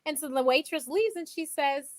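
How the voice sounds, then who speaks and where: A woman's voice: high-pitched, normal speed. A young woman guest and author, telling stories animatedly in a casual interview and acting out what others said. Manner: animated storyteller, acts out quotes.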